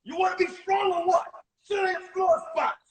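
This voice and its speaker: A man playing a loud, drunk, out-of-shape male gym teacher who yells and curses, exasperated, on a livestream. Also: very high voice, flat delivery, moderate pace, echoey room, voice pushed up. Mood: angry yelling. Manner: yelling, cursing, exasperated. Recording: distant mic on a phone livestream.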